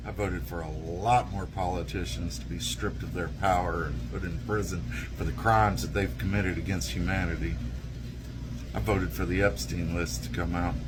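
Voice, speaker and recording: Man, emphatic frustrated confession; deep voice, noisy car recording. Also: steady tone, moderate pace. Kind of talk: confessional selfie video.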